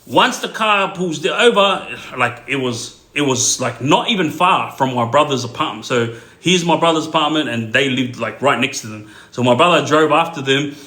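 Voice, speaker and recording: A man's voice: mid-range voice, expressive, normal speed, bright, forceful tone. A man tells a rambling, filler-heavy story casually on a phone livestream. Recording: roomy echo.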